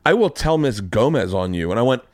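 Loud animated man telling stories. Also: brisk, no room sound, studio quality. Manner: loud, animated, swearing, acts out quotes with big pitch jumps. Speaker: podcast host. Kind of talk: casual chat, storytelling.

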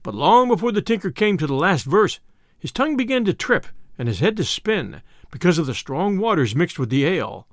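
A man narrating a classic adventure tale in an expressive, animated reading. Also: sits high, brisk, no echo, clean studio sound. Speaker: storyteller.

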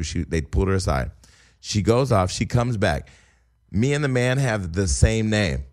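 Male podcast host, low voice, lively storyteller who acts out the other voices. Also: normal speed. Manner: animated, acts out quoted voices, laughs while telling. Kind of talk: casual storytelling chat.

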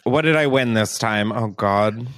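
A man's voice: fairly low pitch, a little slow, fairly bright tone, dry recording. A young man hosting a casual, comedic chat show, joking and laughing often. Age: young adult. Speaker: podcast host.

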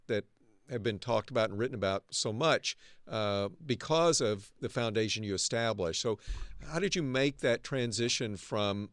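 A man with a smooth, resonant voice poses an interview question in a measured, thoughtful way. The recording is close and dry, with no room sound. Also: lowish voice, fairly bright tone, no echo. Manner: measured, rephrases his question in long build-ups. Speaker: interview host, university dean.

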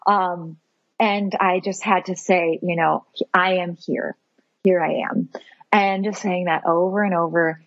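Woman podcast guest, husky voice, lively storyteller, slightly dull lo-fi recording. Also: lowish voice, measured pace, no echo. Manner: animated, laughs often, fillers like "like". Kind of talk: personal storytelling.

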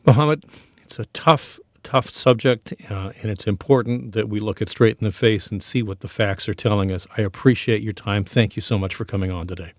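A man hosting a radio interview, speaking in a measured, conversational way. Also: on the low side, no room sound. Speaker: radio host. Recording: dull, lo-fi broadcast audio.

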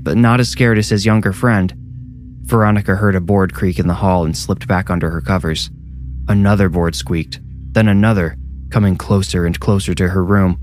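A man narrating a scripted horror story in a measured, steady way. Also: low-pitched.

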